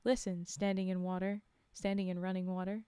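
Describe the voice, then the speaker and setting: A woman reading aloud and voicing a sly man who poses as a slow, solemn, mock-formal hunting guide. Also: lowish voice, flat delivery, dark tone, clear, resonant tone, no echo, lightly acted.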